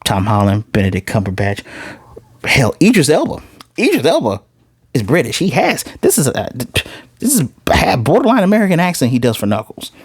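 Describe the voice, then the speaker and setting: A man's voice: mid-range voice, huge pitch swings, a little fast, breathy edge, no room sound. Midwest guy ranting about a tv show, blunt and all over the place, voice jumps around a lot, dry sound. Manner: rambling, blunt, with frequent asides and self-corrections. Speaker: TV reviewer. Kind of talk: casual spoken review.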